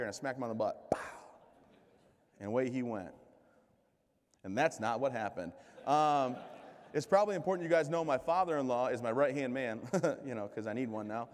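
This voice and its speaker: A man in his thirties delivers a comic keynote on stage. He pokes fun at himself and slips into animated voices for the people in his stories. His voice has a middle pitch, and it rings with the long echo of a big hall. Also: brisk. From United States. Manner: joking, self-deprecating, lively quoted voices. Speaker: keynote speaker. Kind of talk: comedic storytelling speech. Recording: reverberant hall.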